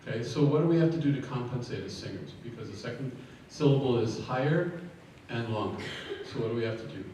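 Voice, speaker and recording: A man's voice: mid-range voice, lively intonation, dark tone. Man coaching a choir in an echoey hall. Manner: counts in, sings sample phrases, gives brisk musical feedback. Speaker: choir clinician. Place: large echoey rehearsal hall. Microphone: room recording from a distance. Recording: echoey hall from far off, faint noise.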